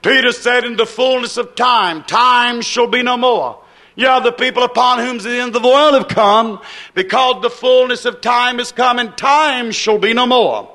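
A man's voice: very high voice, moderate pace, sharp tone. A man preaching a sermon with an emphatic, repetitive cadence.

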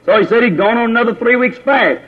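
A man's voice: extremely high pitch, quick pace. A man preaching a sermon, repeating his points and putting questions to the congregation, calling on brothers by name. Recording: tinny lo-fi phone-like recording.

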